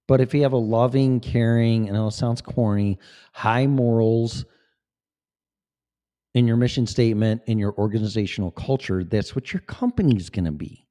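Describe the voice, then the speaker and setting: Man in his fifties, mellow voice, swings up and down a lot, swears freely, rambling vlog monologue. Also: lowish voice. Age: 50s. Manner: profane, emphatic, digressive. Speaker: vlogger.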